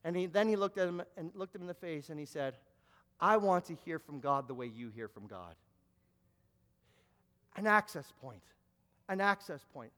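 Male preacher, sermon, high-pitched, resonant, storytelling with restarts, emphatic, long reverb. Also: animated, a little fast, fairly bright tone. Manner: storytelling with frequent repeated words and restarts.

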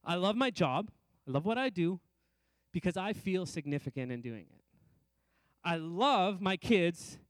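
A middle-aged man preaching a sermon to a congregation, speaking in repeated rhythmic phrases and rising and slowing down on key lines. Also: sits high, expressive, no room sound. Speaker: pastor.

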